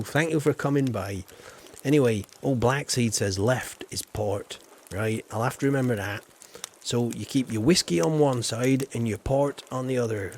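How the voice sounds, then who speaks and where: A man's voice: mid-range voice, darkish tone, slight background noise. A man chatting casually on a live game stream, rambling and reading chat aloud.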